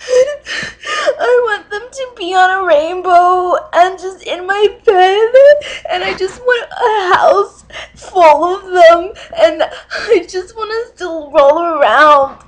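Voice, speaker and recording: A woman's voice: fairly high pitch, takes it slowly, rough recording. A young woman playing a nervous, cat-obsessed lady on a dating video, hesitant with many ums and breaking into sobs. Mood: tearful, gushing. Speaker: comedy sketch character. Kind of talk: comedic dating-video monologue.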